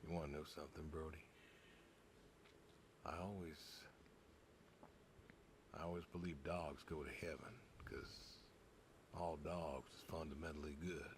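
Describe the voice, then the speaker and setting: An actor playing a regretful older farmer speaking softly and haltingly to his dog, with a rural drawl. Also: very deep voice, little pitch movement, background noise. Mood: wistful. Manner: halting, regretful, soft-spoken. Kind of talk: video game voice acting.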